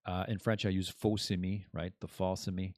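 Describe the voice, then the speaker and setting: A man's voice: low voice, little pitch movement, brisk, darkish tone, dry recording, clean studio sound. A man hosting his own podcast in a casual, rambling monologue that drifts between topics and laughs at his own jokes. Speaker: podcast host.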